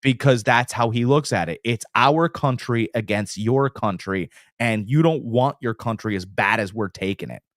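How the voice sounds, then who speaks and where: A man co-hosting a sports betting podcast, talking casually with big exaggerations and quick impressions. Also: medium pitch, dry recording, studio quality. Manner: animated, hyperbolic, jumps into little impressions. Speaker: podcast co-host.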